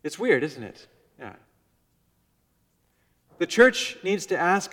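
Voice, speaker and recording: A middle-aged male pastor preaching a sermon earnestly, dropping to a soft hush on key words. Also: high voice, sing-song, slow, big-room sound. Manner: earnest, varies volume, drops to soft near-whisper on key words. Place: church sanctuary.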